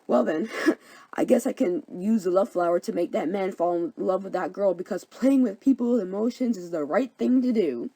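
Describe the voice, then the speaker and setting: A woman's voice: mid-range voice, moderate pace, dark tone, husky. A woman voicing Oberon, a scheming fairy king who talks in an indignant, bossy way.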